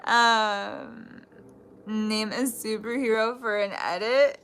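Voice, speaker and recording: A woman's voice: fairly high pitch, steady tone, slow, a bit bright, clean tone. Chatty woman doing a tarot reading. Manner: chatty, swears freely, laughs often; restarts and trailing thoughts. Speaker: tarot reader. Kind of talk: casual live tarot reading.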